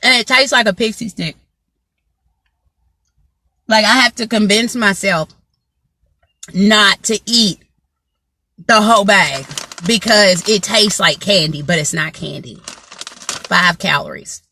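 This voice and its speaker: Woman, motivational vlogger, bright tone, dry close sound, chatty storytelling. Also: mid-range voice, takes it slowly, pauses often, no room sound. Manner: chatty, greets viewers by name mid-story; frequent "you know what I'm saying" asides. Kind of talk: casual storytelling to live viewers.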